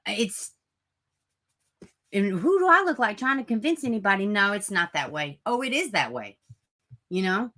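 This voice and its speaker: A woman's voice: medium pitch, big pitch swings, normal speed, pauses often, fairly bright tone. A woman hosting a true crime livestream, ranting bluntly and profanely and mocking people in sarcastic put-on voices. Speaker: true crime channel host. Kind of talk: livestream commentary.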